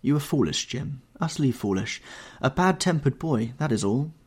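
A man's voice: medium pitch, lively intonation, moderate pace, breathy edge, voice pushed up. A man reading an audiobook, voicing a lovestruck young actress in a raised, breathless, rapturous tone. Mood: coaxing.

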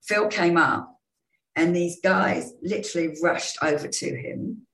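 Gravelly woman telling stories. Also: on the low side, measured pace, roomy sound, poor audio. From England. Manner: lively storytelling with restarts. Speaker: guest, former rugby player and sports journalist. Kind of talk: casual anecdotal interview.

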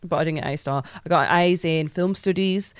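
A woman's voice: on the low side, moderate pace, smooth, no room sound, studio quality. A young woman with a Midlands accent hosts a podcast in a casual, playful way, giggling often and reading viewer comments aloud. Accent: Midlands English. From English Midlands. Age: young adult. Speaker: podcast host.

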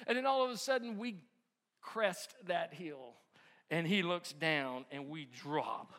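A middle-aged man preaching a sermon, telling a family story with animated energy and laughter, then dropping soft and low to drive home the point. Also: moderate pace. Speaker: pastor.

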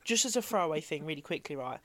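A man with a slightly raised pitch talking casually. He pitches ideas eagerly and swears freely. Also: expressive, fast, bright, forceful tone. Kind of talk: casual chat about film ideas.

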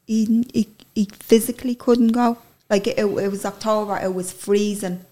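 A woman's voice: mid-range voice, steady tone, normal speed, mellow. An Irish woman telling a personal story in an interview, candid and emotional, swearing casually as she talks.

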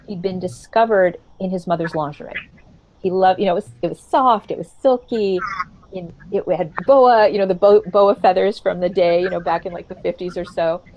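A woman, a therapeutic practitioner, telling a client's story in an earnest, reflective way with many pauses. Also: lowish voice, dull audio, slight background noise. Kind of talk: storytelling in casual talk.

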